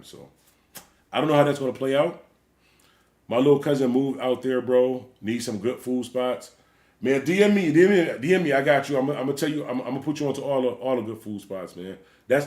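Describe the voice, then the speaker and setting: A man who is a DJ, hosting a livestream and ranting bluntly with plenty of profanity. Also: medium pitch. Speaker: DJ and livestream host. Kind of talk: livestream rant. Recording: roomy echo.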